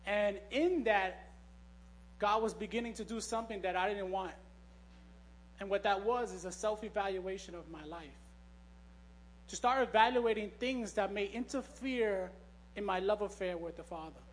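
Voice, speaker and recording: High-voiced man preaching casually. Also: normal speed, long pauses, a little hiss or hum. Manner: joking, storytelling, frequent restarts. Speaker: pastor. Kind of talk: conversational sermon. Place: church.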